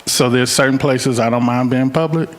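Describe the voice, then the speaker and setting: A man's voice: mid-range voice, normal speed. Playful man telling stories on a panel. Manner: playful, animated storyteller. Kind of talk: casual panel talk.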